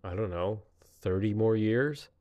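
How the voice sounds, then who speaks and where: Late-30s man, low voice, solo reflective rambling monologue, self-amused. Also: a little slow, a little mellow, dull audio. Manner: rambling, laughs often at himself. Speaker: podcaster.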